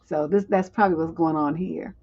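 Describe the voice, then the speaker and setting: A woman's voice: sits low, fairly even intonation, brisk, a little mellow, slightly rough. A woman hosting a livestream relationship advice show, giving blunt, profane advice with chatty, laughing asides. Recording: dull lo-fi stream audio.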